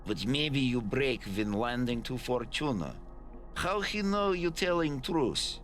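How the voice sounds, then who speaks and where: A man voicing a sly young male translator who speaks halting, broken English. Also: mid-range voice, animated, a bit bright, pitched above the performer's own voice. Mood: translating.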